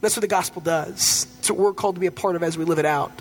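Male pastor with a high voice, conversational, storytelling sermon. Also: fast talker, soft background music.

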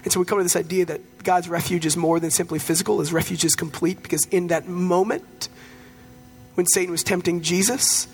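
Male pastor with a high voice, conversational, storytelling sermon. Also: fairly even intonation, brisk, faint music behind.

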